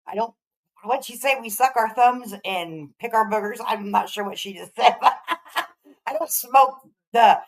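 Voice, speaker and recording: A woman's voice: medium pitch, moderate pace, poor audio. A woman hosting a reaction commentary, teasing and sarcastic, often breaking into laughter. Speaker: commentary channel host.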